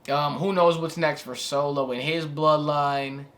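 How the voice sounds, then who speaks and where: A man's voice: fairly high pitch, fairly even intonation, unhurried, fairly bright tone. A young man giving casual reaction commentary as a wrestling vlogger, laid-back and slangy, rambling with filler asides.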